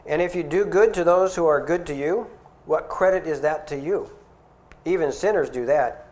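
A man's voice: fairly high pitch, moderate pace, darkish tone. A middle-aged man preaching a sermon in an earnest, conversational way, asking his listeners questions.

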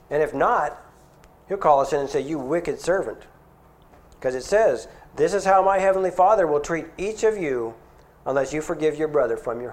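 A middle-aged man preaching a sermon in an earnest, conversational way, asking his listeners questions. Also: a little high.

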